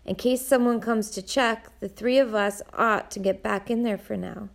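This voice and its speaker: A woman's voice: medium pitch, steady tone, moderate pace, vocal fry, close to an everyday voice. A woman reading an audiobook, voicing a bossy, self-assured boy who speaks firmly and decisively. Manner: firm, decisive. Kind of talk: audiobook narration.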